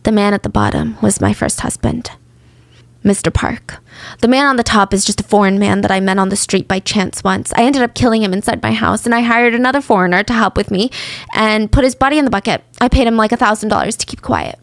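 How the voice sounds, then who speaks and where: A woman's voice: mid-range voice, fairly quick, gravelly, no room sound, close to an everyday voice. A woman voicing a nervous, talkative woman suspect who rattles off excuses in a plain voice. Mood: defensive.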